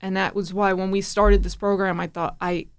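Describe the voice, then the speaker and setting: An animated woman speaking into a studio mic as a radio guest. Her voice sits at an ordinary pitch for a woman, and she slips into the voices of the people she quotes while she tells a casual personal story. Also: normal speed, clear, resonant tone. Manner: animated, acts out quoted dialogue. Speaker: guest, parent sharing her son's story.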